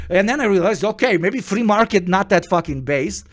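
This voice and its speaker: A man from Europe, hosting a casual chat and telling stories in an animated, profane way. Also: high-pitched, fairly quick, few pauses. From Eastern Europe. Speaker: stream host.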